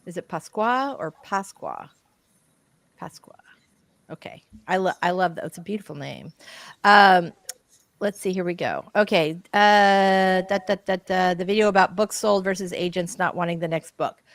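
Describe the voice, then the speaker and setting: A woman's voice: lowish voice, normal speed, no echo. A woman co-hosting a casual writing livestream, bubbly and chatty with lots of enthusiasm.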